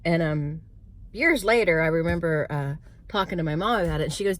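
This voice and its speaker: A woman's voice: low voice, a little fast, slight background noise. A woman telling a spooky personal story in a casual vlog, rambling with many fillers and restarts.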